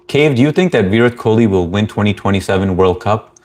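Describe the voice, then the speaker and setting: Brief: male livestream host, lowish voice, easygoing chat, reads comments and greets viewers. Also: animated, brisk, a little mellow. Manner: easygoing, greets viewers by name, frequent fillers.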